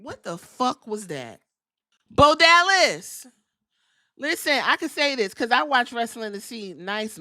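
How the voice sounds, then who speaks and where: A woman's voice: fairly high pitch, sharp tone, no echo, studio quality. A woman hosting a podcast, recapping wrestling in a sassy, profane way and mimicking the wrestlers. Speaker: podcast host.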